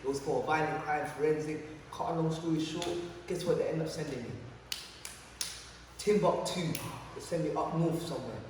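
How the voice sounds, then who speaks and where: Brief: young London man, lively storyteller, slightly high voice, far from the mic in a noisy echoing hall. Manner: animated, repetitive, sound effects, slang. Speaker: motivational speaker at youth event. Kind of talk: storytelling talk to youth. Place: large hall at youth event. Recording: echoey hall, distant mic, background noise.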